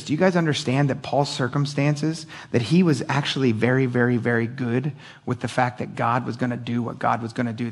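A middle-aged man preaching a sermon, animated and casual, joking and acting out voices. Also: medium pitch, vocal fry, slightly rough. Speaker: pastor.

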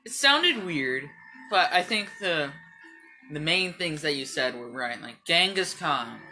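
A woman's voice: low voice, expressive, a little slow, bright, forceful tone, soft background music. A woman hosting a casual podcast, dry and sarcastic, trailing off into fillers as she thinks. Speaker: podcast host. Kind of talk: casual chat.

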